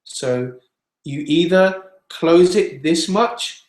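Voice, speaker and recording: A man's voice: a little high, extremely slow, roomy sound. A man teaching singing in a webinar, explaining plainly and demonstrating sounds with his own voice.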